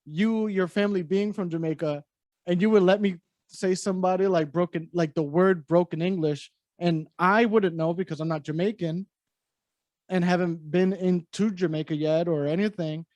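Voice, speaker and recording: A man co-hosting a podcast, telling stories in an animated, casual way with swearing and easy laughter. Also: high voice, moderate pace, no room sound, highs cut off. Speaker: podcast co-host. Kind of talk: casual chat.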